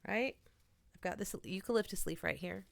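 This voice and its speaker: A woman, an oracle card reader, gently and earnestly talking viewers through a ritual in a small home studio in her bedroom. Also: mid-range voice, moderate pace, vocal fry, a little hiss or hum. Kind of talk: casual guided ritual talk.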